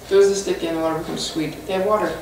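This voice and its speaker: Animated woman pastor in an echoey church. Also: lowish voice, fast talker, slight background noise. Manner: animated, humorous, conversational storytelling. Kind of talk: conversational sermon. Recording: echoey hall from far off.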